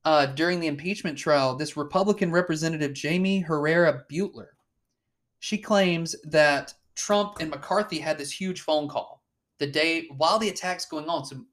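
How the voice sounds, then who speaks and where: A man's voice: a little high, normal speed, a bit bright. A man co-hosting a casual political chat, blunt and swearing often, with lots of fillers and restarts. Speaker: podcast co-host.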